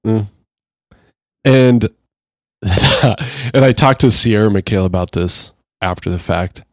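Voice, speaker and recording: Male podcast co-host, lower voice, meandering reflective delivery, dry recording. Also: slow, no room sound. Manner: rambling, reflective storytelling. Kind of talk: casual chat.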